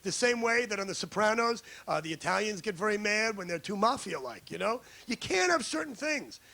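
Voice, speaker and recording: A man's voice: high voice, big pitch swings, a little fast, creaky, sharp tone. A man from the United States doing a crude, brash stand-up routine on a comedy club stage, riffing with the crowd.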